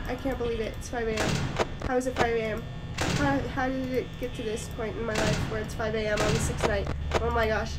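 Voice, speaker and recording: High-voiced woman gamer, dramatic commentary. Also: little pitch movement, fairly quick, heavy background noise. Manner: dramatic, exasperated, talks to viewers. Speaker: gaming YouTuber. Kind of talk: let's play commentary. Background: video game music.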